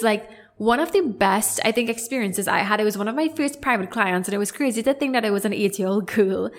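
A young adult woman, a yoga teacher, telling a personal story on her podcast in a chatty, rambling way full of "like". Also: mid-range voice. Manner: chatty, rambling, heavy on 'like'. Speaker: podcast host.

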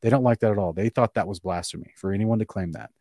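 A man hosting a casual live-streamed discussion, reading scripture aloud in between quick restarts and short chuckles. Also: on the low side, dark tone, dry recording, studio quality. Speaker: host.

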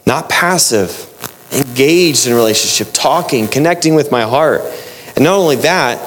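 A man's voice: a little high, lively intonation, moderate pace. A man preaching a sermon, earnest and explaining, often repeating and restarting his phrases.

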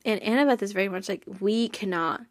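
A woman's voice: medium pitch, fairly quick, dry recording, clean studio sound. A young woman hosting a podcast, chatting casually and enthusiastically, laughing often. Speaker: podcast host. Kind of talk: casual chat.

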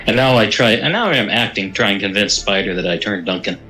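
Wry low-voiced man at a game table. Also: animated, a little fast, hardly any pauses, bright, forceful tone, soft background music, poor audio. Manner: wry, casual, declaring actions. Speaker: player.

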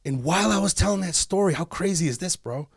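A high-pitched, gravelly, slightly rough voice comes fast from a Detroit comedian guesting on a podcast. Animated and profane, he tells a long story in casual talk, voicing its characters. Studio-quality audio, no room sound.

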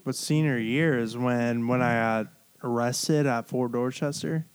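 A man's voice: medium pitch, steady tone, slight background noise. A young man hosting a podcast, talking casually and swearing now and then. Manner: slow, laid-back, swears casually. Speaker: podcast host. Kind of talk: casual chat.

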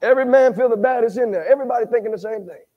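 A man preaching at a Bible study, animated, quizzing the congregation and rising to shouts. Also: very high-pitched, rapid-fire, in a large hall, muffled recording. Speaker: pastor. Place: church sanctuary.

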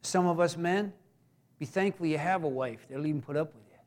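A man, a pastor, preaching a sermon in a folksy way with joking asides, swinging between emphatic raised lines and hushed quiet ones. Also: fairly high pitch, a little fast.

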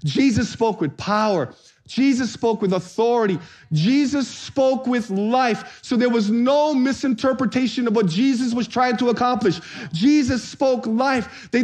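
A high-pitched man preaches with lively, playful energy. He calls out to the congregation for responses and jokes his way through the sermon. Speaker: pastor.

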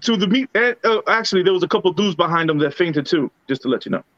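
A man co-hosting a podcast goes on a heated, profane rant in a casual episode. His high voice is animated, fast, and fairly bright, with no echo, on a dull, dry lo-fi recording.

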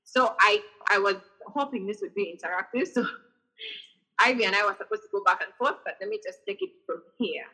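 A woman hosting a podcast over a video call tells a personal story in casual chat, animatedly acting out the messages she received. Her mid-range voice is husky and a little fast, on a rough recording.

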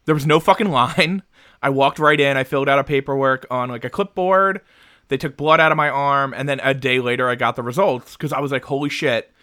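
A man's voice: mid-range voice, fairly quick, pushed and bright, smooth, no room sound, studio quality. A man from Jersey City co-hosting a casual podcast, joking, swearing freely and laughing often. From Jersey City, USA. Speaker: podcast co-host.

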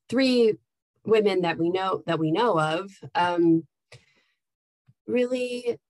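A woman's voice: lowish voice, no room sound, rough recording. A woman who leads a nonprofit, telling candid, heartfelt stories in a casual chat with frequent fillers. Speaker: nonprofit staff leader.

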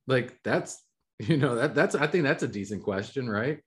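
A man's voice: mid-range voice, animated, normal speed. A man co-hosting a podcast, talking enthusiastically and rambling, with frequent laughs. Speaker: podcast co-host. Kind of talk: casual spiritual chat.

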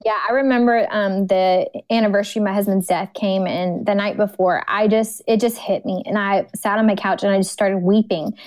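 A woman's voice: mid-range voice, fairly even intonation, fairly quick, hardly any pauses, a little mellow, no room sound. A woman guest on a podcast, telling personal stories in an earnest, heartfelt way. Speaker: podcast guest, ministry speaker. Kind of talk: casual interview chat.

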